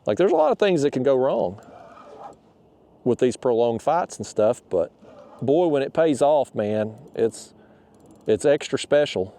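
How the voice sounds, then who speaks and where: A man's voice: mid-range voice, very animated, measured pace, long pauses, warm tone. A man talking casually to his audience while fishing from a kayak on a river, full of folksy exclamations. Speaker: fishing vlogger.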